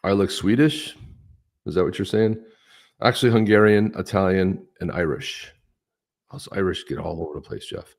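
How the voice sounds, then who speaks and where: A man's voice: deep voice, normal speed, vocal fry. A man co-hosting a live stream, chatting casually and upbeat, greeting viewers by name. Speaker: podcast co-host.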